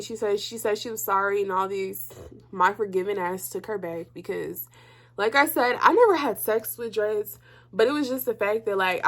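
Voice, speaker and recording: A young woman telling a personal story to her viewers in casual chat, blunt and profane, her voice jumping up when she gets heated. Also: medium pitch. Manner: animated, voice jumps up when heated.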